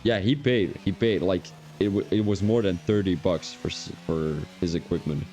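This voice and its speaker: A man's voice: low-pitched, normal speed, warm tone, a little hiss or hum. A man commentating a sim racing league qualifying session on a live stream, chatty and drifting into rambling personal asides between the lap calls.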